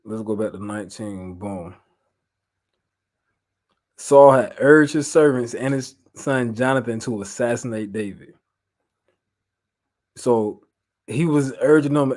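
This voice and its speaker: Animated man teaching from the Bible. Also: mid-range voice, measured pace, long pauses. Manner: animated, laughing, repeats phrases for emphasis. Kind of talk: informal Bible study talk.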